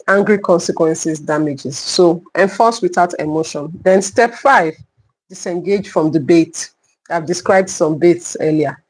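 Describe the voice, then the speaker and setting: A woman's voice: medium pitch, husky, low-quality recording. A middle-aged woman with a Nigerian English accent, a clinical psychologist teaching a live online parenting class, emphatic and repeating her key points.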